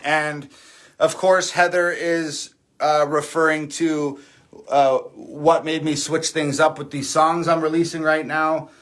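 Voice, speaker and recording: A young man chats loosely on a livestream, rambling through his thoughts with plenty of fillers and a curse here and there. His voice sits a touch higher than most men's. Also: flat delivery, slow pace, fairly bright tone. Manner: rambling and candid, frequent fillers and profanity. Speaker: livestream host. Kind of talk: casual livestream chat.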